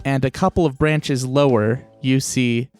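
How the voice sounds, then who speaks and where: A man narrating as game master in a tabletop role-playing podcast, with slow, descriptive delivery. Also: medium pitch, darkish tone.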